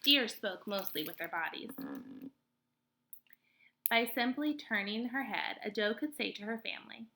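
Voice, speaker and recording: A woman reads a children's novel aloud, telling the story in a clear, expressive way. Her voice is bright and forward, with a gravelly fry at the ends of phrases. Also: a little high, a little slow, long pauses, a little hiss or hum. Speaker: read-aloud host. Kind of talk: storybook read-aloud narration.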